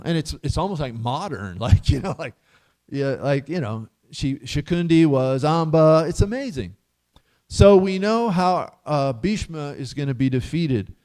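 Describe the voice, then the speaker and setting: Guy giving a scripture class in a temple, kinda high voice, soft mellow tone, keeps laughing and asking the crowd stuff. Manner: chatty, laughs often, quizzes listeners. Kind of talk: casual scripture class talk. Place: temple hall.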